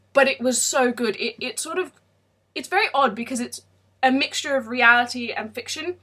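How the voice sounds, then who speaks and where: A woman's voice: fairly high pitch, bright, forceful tone. A woman giving a casual book review vlog, chatty, with lots of ums and restarts.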